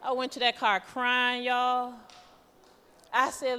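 Woman lay preacher, bright higher voice, nervous storyteller, church reverb. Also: slow pace, clear, resonant tone. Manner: nervous, chatty storytelling with lively quoted voices. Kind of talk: testimony sermon.

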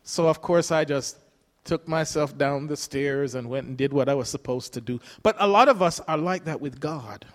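High-voiced man preaching a chatty sermon. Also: normal speed. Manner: storytelling, chuckles often. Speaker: pastor. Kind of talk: conversational sermon. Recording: long hall reverb.

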